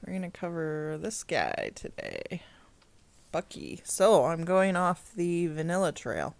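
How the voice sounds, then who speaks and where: Casting: relaxed female game guide host, low voice, unhurried and chatty. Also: creaky, no echo. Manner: chatty, laughs easily. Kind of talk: casual game review commentary.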